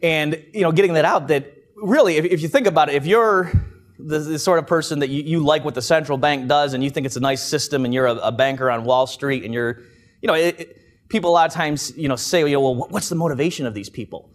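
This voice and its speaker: A man's voice: a little high, a little fast. A man giving an informal talk to a live conference audience as an economist, wry and conversational. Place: conference room.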